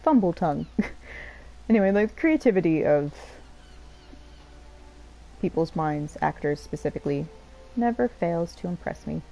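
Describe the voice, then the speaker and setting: A woman giving rambling, chatty let's-play commentary over a game, quick to laugh. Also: fairly low pitch, animated, gravelly, dark tone, faint music behind, rough recording. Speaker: streamer playing a game.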